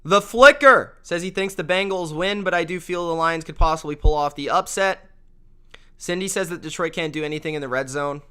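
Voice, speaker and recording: A young man hosting a casual sports picks show, excitable and repeating himself for emphasis. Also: fairly high pitch, a little fast, smooth. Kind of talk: casual sports prediction talk.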